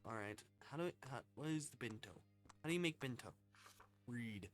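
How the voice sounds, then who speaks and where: A man's voice: mid-range voice, expressive, brisk, fairly bright tone, soft background music. Muttering man streaming a game. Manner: muttering and swearing at lag, puzzled questions. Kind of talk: casual live-stream gaming talk.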